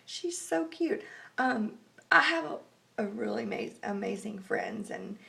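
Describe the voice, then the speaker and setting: List: young woman, gravelly fry, rambling vlog chat, getting over flu. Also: big pitch swings, unhurried, pushed and bright. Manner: chatty, rambling, acts out quotes in a high voice. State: recovering from flu. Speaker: vlogger.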